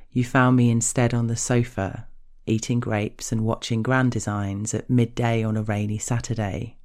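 A woman reading a scripted erotic story in the first person, with a measured, intimate delivery. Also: very deep voice, a little mellow. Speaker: narrator.

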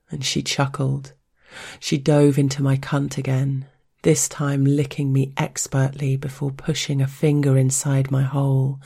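A woman reads an intimate story very slowly, her voice husky and gravelly. The tone is mellow and dark, soft, and now and then drops into a whisper. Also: rumbling low. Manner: soft, unhurried, partly whispered.

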